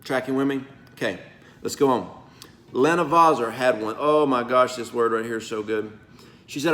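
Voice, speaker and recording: A man preaching an informal prophetic message, folksy and emphatic, his voice going from soft to loud. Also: medium pitch, moderate pace. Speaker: pastor. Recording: roomy echo, faint background noise.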